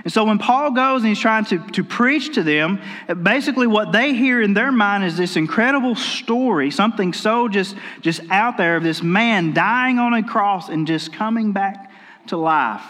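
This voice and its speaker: A man preaches a sermon in a folksy, storytelling way, often circling back to restart his sentences. His voice sits high for a man. It rings with the long reverb of a church hall. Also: lively intonation, normal speed, a bit bright. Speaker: pastor. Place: church sanctuary.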